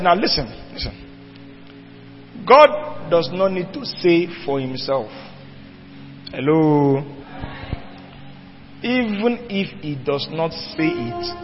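A man preaching a sermon, emphatic and asking the congregation rhetorical questions. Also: on the high side. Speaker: pastor. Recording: dull lo-fi church hall recording with long reverb.

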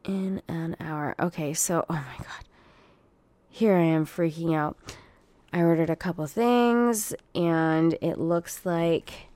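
A young woman hosts her own podcast in a relaxed, chatty way, breaking into profane rants and speaking straight to her listeners. Her voice sits on the low side for a woman, and the recording is dry and close. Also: takes it slowly, no room sound. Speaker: podcast host. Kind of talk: casual solo podcast chat.

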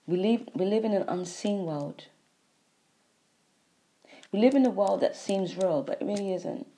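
A woman giving a spiritual monologue, repeating phrases in a preachy way, sighing and swinging between soft and loud. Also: mid-range voice, unhurried. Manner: repetitive, preachy, with sighs and emphatic swings in loudness. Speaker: spiritual speaker.

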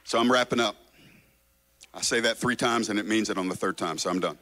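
A male pastor preaching a revival sermon with a bright, forceful tone. He swings between loud shouting and hushed, quiet stretches, driving each point home with passion. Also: fairly low pitch, brisk.

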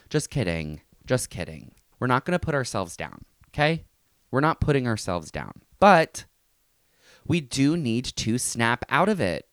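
A man's voice: medium pitch, very animated, moderate pace, dry recording, clean studio sound. A young man hosting a casual solo podcast, ranting with exasperation and sarcastic asides. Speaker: podcast host. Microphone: close podcast mic.

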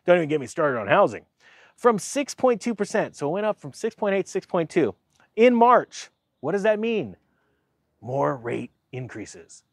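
A man's voice: a little high, sing-song, normal speed, creaky, dry recording, clean studio sound. A man giving a casual, sarcastic rant about the economy, mocking others in silly voices. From United States. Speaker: finance commentator.

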